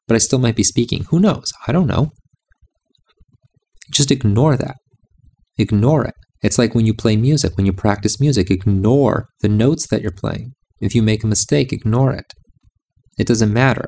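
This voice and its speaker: A man's voice: fairly low pitch, creaky, a little mellow. A man giving a reflective monologue about music and meditation, insistent and repeating his phrases.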